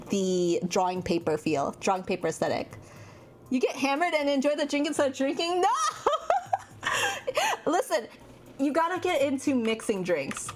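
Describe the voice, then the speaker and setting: A woman's voice: a little high, slight background noise. A woman streamer chatting casually while drawing, rambling and reacting to her chat. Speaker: vtuber streamer.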